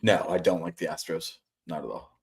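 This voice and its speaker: A man's voice: sits low, fairly even intonation, normal speed, breathy edge. A man co-hosting a casual sports betting podcast over a video call, sarcastic and swearing as he ribs his partner. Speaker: podcast co-host.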